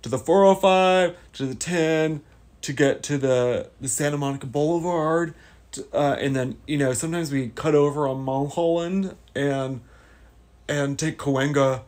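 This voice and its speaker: A man's voice: a little high, normal speed, darkish tone, pitched above the performer's own voice, natural voice. A man putting on a laid-back California dude, drawling in a playful sketch-comedy impression. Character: laid-back surfer-dude male Californian, traffic-obsessed.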